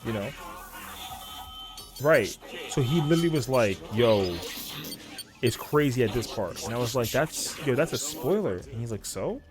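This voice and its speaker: A man's voice: medium pitch, moderate pace, long pauses, over music. A man streaming a game, telling a casual story in slangy, profane talk and acting out what friends said. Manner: animated, slangy, profane, acts out quotes. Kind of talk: casual storytelling while gaming.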